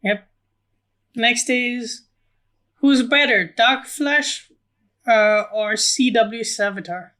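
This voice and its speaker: Bright, mid-pitched co-host, brief, question-led podcast delivery. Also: extremely slow, long pauses. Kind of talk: casual film podcast chat.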